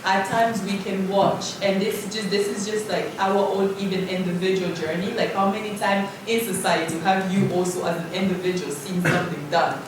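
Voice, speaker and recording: A woman's voice: medium pitch, fairly even intonation, normal speed, hardly any pauses. Earnest woman in an echoey hall. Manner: earnest, reflective. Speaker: panelist. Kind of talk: casual panel discussion. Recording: echoey hall from far off, noise.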